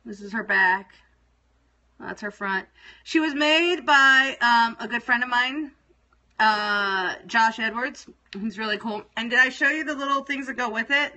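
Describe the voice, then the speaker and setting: Bright-voiced woman ranting on a livestream. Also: mid-range voice. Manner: swears freely, swings from loud venting to calm muttering. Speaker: livestream host. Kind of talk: casual livestream rant. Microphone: phone livestream.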